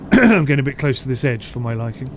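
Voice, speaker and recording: A man's voice: mid-range voice, big pitch swings, fairly quick, a little hiss or hum. A man with a mixed southern English accent giving chatty, rambling live commentary over a ship simulator and answering his chat. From United Kingdom. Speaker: streamer.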